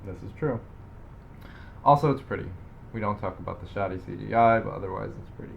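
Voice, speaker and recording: A man's voice: on the low side, quick pace, creaky, pauses often, dull audio, a little hiss or hum. A young man co-hosting a podcast in casual chat, rambling with lots of fillers and self-deprecating asides. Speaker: podcast co-host.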